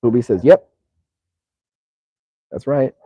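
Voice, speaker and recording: A man's voice: mid-range voice, steady tone, moderate pace, warm tone, dry recording, muffled recording. A man from California, older, hosting a live Q&A, reading viewer comments and answering in a casual, rambling way with lots of restarts. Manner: casual and rambling, with frequent restarts and repeated words. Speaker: channel host answering viewer questions.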